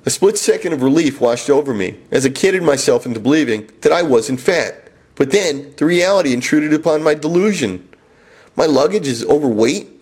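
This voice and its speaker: A man telling a comic personal travel story with wry, deadpan self-mockery. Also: fairly high pitch, fairly quick, husky.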